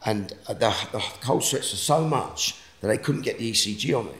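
A middle-aged man with an Essex accent, a guest telling an emotional personal story, animated one moment and hushed the next. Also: lowish voice, fairly quick, echoey room. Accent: Essex English. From England. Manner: animated, rising to shouts in retold quotes, dropping to hushed tones.

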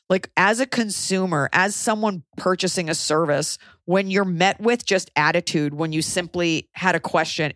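A woman podcast host in her thirties telling a casual story in a frank, animated way, often acting out what people said. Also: lowish voice, no room sound, studio quality. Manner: animated, acts out quoted voices, frank and profane.

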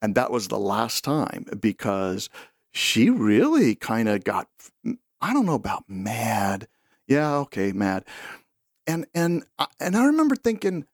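A middle-aged man co-hosting a podcast, telling stories in a casual, animated way and acting out quoted lines. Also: mid-range voice, a little slow, no echo, clean studio sound. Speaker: podcast co-host.

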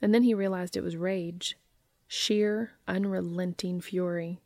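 A woman reading a story aloud in steady, measured narration. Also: lowish voice, no room sound. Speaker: reader.

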